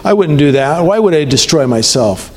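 A man's voice: fairly high pitch, lively intonation, normal speed, darkish tone, big-room sound. A man voicing a sly scorpion in a spoken fable, talking in a wheedling, reasonable-sounding way. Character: sly scorpion in a fable, pleading then coldly frank.

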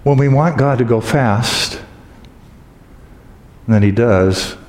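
A man preaching a sermon as pastor, telling stories with humor and acting out loud exclamations. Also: medium pitch, takes it slowly. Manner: humorous storytelling, acts out exclamations. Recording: echoey hall with long reverb.

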